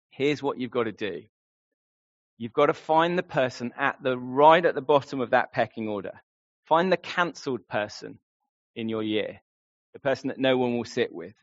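A man's voice: mid-range voice, animated, moderate pace, dry recording. A man preaching a sermon in an earnest way, often putting questions straight to his listeners. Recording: slightly dull lo-fi sound.

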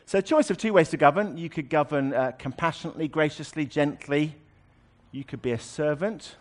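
A man's voice: a little high, quick pace. Man preaching a conversational sermon. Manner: conversational, explanatory, with wry asides.

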